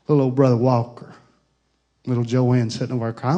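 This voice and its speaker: Preacher guy, mellow tone, swings from sad to fired-up praise. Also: medium pitch, little pitch movement, brisk, long pauses, lo-fi sound. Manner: grieving then rising to fervent shouted praise. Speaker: pastor. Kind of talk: Pentecostal sermon.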